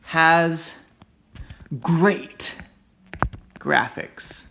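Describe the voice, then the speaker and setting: A man's voice: fairly high pitch, sing-song, a little slow, bright, forceful tone, faint music behind, heavily acted. A man voicing an eager son who begs his dad for a computer and leans hard on each selling word. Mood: eager pleading. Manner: overstated, punchy word stress.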